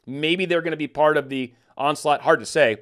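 A man's voice: on the high side, moderate pace, a bit bright. A man giving casual, sarcastic political commentary, ranting and mocking.

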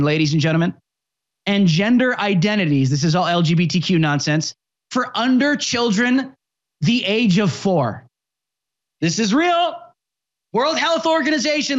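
A speaker in their twenties hosting a political commentary show, ranting with impassioned, sarcastic shouting. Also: medium pitch, muffled recording.

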